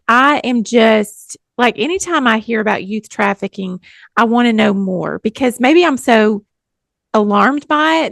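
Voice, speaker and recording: A woman's voice: a little high, fairly bright tone, dry recording, studio quality. A woman, co-hosting a podcast in a chatty, self-deprecating way and laughing often. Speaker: podcast co-host. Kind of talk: casual podcast chat.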